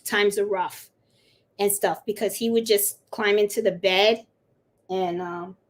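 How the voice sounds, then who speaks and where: A woman's voice: medium pitch, steady tone, unhurried. A middle-aged woman hosting a live crafting stream, chatting in a rambling, casual way and cooing to her dog now and then. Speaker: livestream host of a crafting channel.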